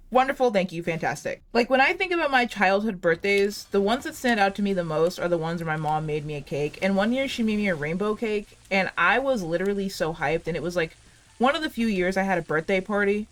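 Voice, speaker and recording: A woman's voice: medium pitch, expressive, a little fast. A woman in her late twenties chatting casually over gameplay, rambling and giggly, saying "like" a lot. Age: late 20s. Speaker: gaming channel host.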